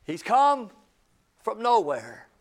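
A man preaching in a church, his voice sitting high and his delivery unhurried. He reads scripture in a measured cadence and swings from ringing declarations down to near-whispers. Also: very animated. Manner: preaching with dramatic pauses, swinging from loud to hushed; reads scripture aloud in a slow, deliberate cadence. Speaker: pastor. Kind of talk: sermon. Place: church sanctuary.

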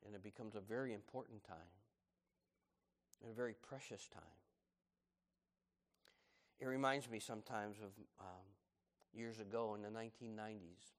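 A middle-aged man preaching a sermon, swinging from loud, animated emphasis to hushed, low tones. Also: moderate pace, long pauses, long reverb tail. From United States. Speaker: pastor.

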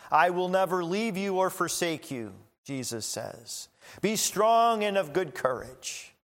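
A man preaching in a measured, unhurried sermon, his voice sitting somewhat high for a man. He leans into key phrases with emphatic lifts. The sound carries a long reverb, as in a large hall. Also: a bit bright. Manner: slow, deliberate preaching with emphatic rises. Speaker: pastor.

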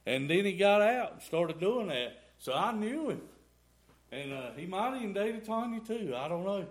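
A man's voice: high voice, very animated, moderate pace. A middle-aged man giving a rambling, folksy testimony in a church. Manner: rambling folksy storytelling, y'all and ain't. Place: church sanctuary.

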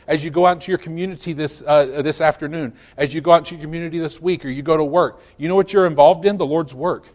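Hoarse, emphatic preacher man. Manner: emphatic, swinging from loud declarations to low asides. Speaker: pastor. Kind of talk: sermon. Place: church sanctuary.

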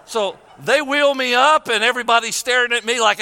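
Older male preacher, high bright voice, heartfelt storytelling sermon, long hall reverb. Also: brisk, smooth. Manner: emotional storytelling, preaching with repeated phrases.

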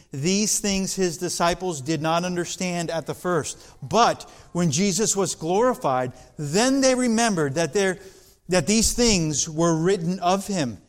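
Slow and measured, this high-voiced male pastor works through an expository sermon, rising at times into emphatic passages.

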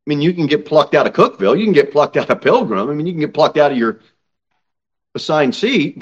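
A male pastor preaching a sermon from the pulpit, reading scripture and pressing his points with slow, emphatic stresses and sudden raised peaks. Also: fairly high pitch, expressive. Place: church sanctuary, at the pulpit.

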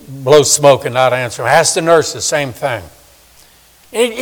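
Older male preacher, hall reverb. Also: on the high side. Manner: dramatic shifts between loud emphasis and hushed, soft-spoken asides. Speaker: pastor. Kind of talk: sermon. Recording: long reverb of a large hall.

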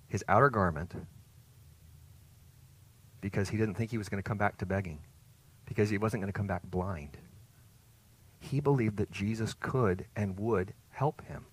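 A man preaching a sermon as pastor, earnest and emphatic, rising to loud peaks and dropping to soft, hushed phrases. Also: fairly low pitch, no echo.

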